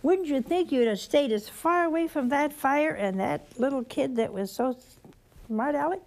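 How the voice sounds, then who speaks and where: A woman with a Southern accent preaching a sermon, telling the story slowly and animatedly, dropping at times to a soft whisper. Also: high-pitched, expressive.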